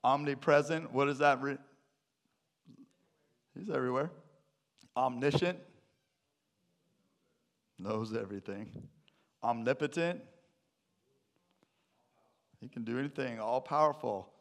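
Man, pastor, sermon, storytelling, mid-pitched voice. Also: takes it slowly, long pauses. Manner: storytelling with a joke, then teaching.

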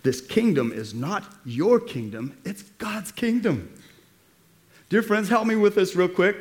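A man's voice: high voice, expressive, a little slow. A man preaching a sermon as pastor, in a casual, slangy way, rallying the congregation. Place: church.

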